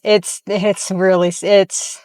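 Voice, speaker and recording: Woman reaction vlogger, mid-pitch, blunt and heated, dry close sound in a car. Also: flat delivery, slow, a little mellow, no echo. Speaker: fitness commentator. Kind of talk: reaction commentary. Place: inside a parked car.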